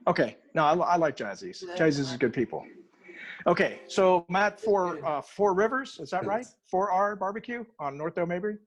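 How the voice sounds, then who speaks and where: A man's voice: high-pitched, animated, normal speed. A middle-aged man, a guest barbecue cook, telling a story in casual chat and acting out both sides of it.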